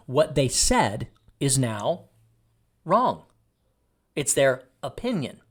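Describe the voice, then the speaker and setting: A middle-aged man from Texas, a podcast host giving a blunt, jokey motivational monologue. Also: a little high.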